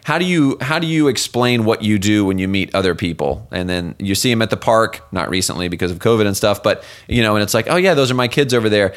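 A man's voice: fairly low pitch, animated, fast talker, hardly any pauses. A man hosting a casual interview, an adoptive parent asking long, rambling questions. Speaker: podcast host and adoptive parent.

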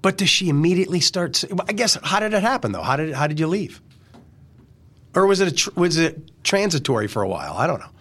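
This is a man who hosts a relaxed interview and keeps nudging his guest with teasing questions. His voice sits a little high for a man. It moves around a great deal in pitch as he talks. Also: fast talker. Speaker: show host. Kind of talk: casual interview chat.

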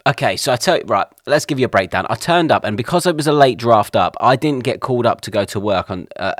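A man's voice: medium pitch, animated, quick pace, no room sound, clean studio sound. A man, co-hosting a podcast and telling a long rambling story, acting out other people's lines. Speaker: podcast co-host. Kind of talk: casual chat.

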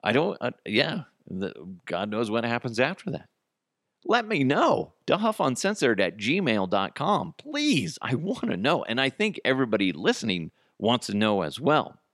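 A man's voice: mid-range voice, wildly swooping pitch, normal speed, fairly bright tone, no echo, studio quality. A man hosting a comedy podcast, ranting sarcastically and swearing, sometimes acting out both sides of an argument. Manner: profane, sarcastic, acts out both sides of a dialogue. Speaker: podcast host. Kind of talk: comedic solo podcast rant.

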